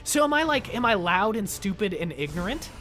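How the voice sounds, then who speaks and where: Loud, jokey male game streamer. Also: high voice, brisk. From United States. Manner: loud, jokey, excitable, chatting with viewers. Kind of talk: casual live-stream commentary. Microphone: desk microphone.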